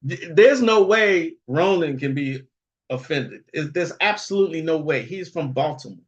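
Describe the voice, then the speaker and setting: A man's voice: fairly high pitch, expressive, normal speed, dull audio. A man hosting a livestream in casual, rambling talk, chuckling often and tagging lines with "okay?" and "all right?". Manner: rambling, frequent chuckles, tag questions. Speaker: livestream host.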